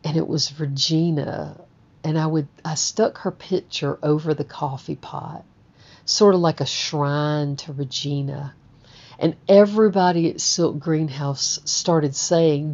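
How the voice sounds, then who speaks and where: A woman's voice: deep voice, fairly even intonation, unhurried, darkish tone. A woman telling a personal story in a candid, rambling way, often repeating her words. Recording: dull lo-fi recording.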